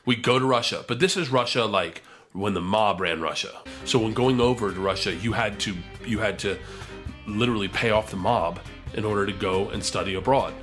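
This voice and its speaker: A man telling a comic anecdote in casual chat, animated and profane, often laughing as he goes. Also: on the low side, brisk, music in the background. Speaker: storyteller.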